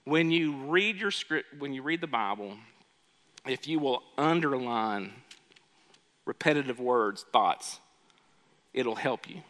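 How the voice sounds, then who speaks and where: A male pastor preaching a sermon, often asking the congregation questions and shifting his loudness. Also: mid-range voice, animated, slow, pauses often. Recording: long reverb of a large hall.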